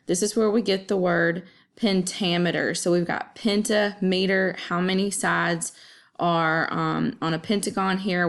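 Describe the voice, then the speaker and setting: A woman teacher walks through poetry meter in a relaxed classroom manner, her voice sitting fairly low with a gravelly edge. She keeps things chatty and checks in with her listener every few lines. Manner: chatty, checks in with "okay?" often. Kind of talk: casual classroom explanation.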